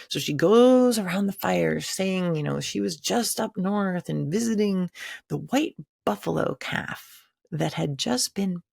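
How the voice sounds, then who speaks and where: A woman, a spiritual teacher, telling a personal story in a casual, animated, dramatic way. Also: deep voice, gravelly, husky, no room sound, clean studio sound.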